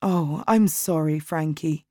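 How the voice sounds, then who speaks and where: A kind, patient male school librarian from a storybook, as a woman reader puts him on. He speaks softly and slowly, a touch lower than the narration. The sound is close and dry. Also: no room sound, close to an everyday voice. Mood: gentle.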